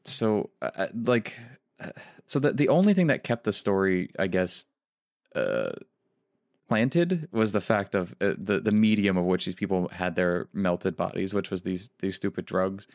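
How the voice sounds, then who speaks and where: Low-voiced man hosting a movie podcast. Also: lively intonation, no room sound, clean studio sound. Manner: halting, many restarts and fillers. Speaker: podcast co-host. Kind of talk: casual movie review chat.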